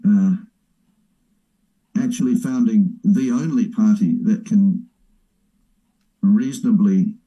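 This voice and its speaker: A man's voice: fairly low pitch, mellow, low-quality recording. A man hosting a show, stopping a played clip to comment on it in a mocking way. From New Zealand. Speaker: host reacting to a clip.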